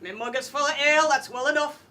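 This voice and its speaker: A woman's voice: high voice, fast, pushed and bright. A woman voicing a jolly, ale-loving female dwarf in a live read-through of a comedic ad. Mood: hearty.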